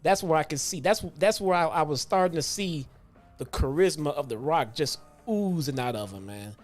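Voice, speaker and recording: A man hosting a casual retro wrestling review, telling stories in a loose, profane, animated way. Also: fairly high pitch, normal speed, soft background music. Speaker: host.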